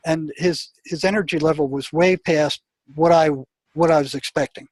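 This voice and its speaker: An older man, a retired psychotherapist, telling a story in an interview; he talks in halting restarts and acts out the sound effects and other people's lines. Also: on the high side, fairly even intonation, no room sound. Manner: halting, repeats words as he recalls.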